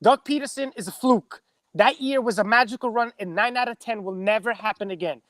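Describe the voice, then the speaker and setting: A man's voice: high-pitched, fairly quick, fairly bright tone, no echo. A man, a regular on a sports fan show, blunt and emphatic, hammering home his points. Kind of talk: heated sports fan podcast.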